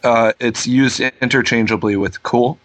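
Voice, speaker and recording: A man chats casually over a video call, his voice sitting at an ordinary middle pitch. He tells stories with dry, joking humor, laughing along as he goes. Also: fairly even intonation, normal speed, fairly bright tone. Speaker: guest calling in from abroad. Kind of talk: casual chat.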